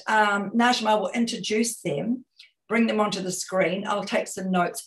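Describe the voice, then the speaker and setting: A woman from New Zealand leads an online coaching session, speaking over a video call. She is energetic and direct, and asks her listeners many questions. Her voice sits in the middle of the range. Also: medium pitch, low-quality recording. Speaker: communication consultant. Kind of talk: webinar coaching talk.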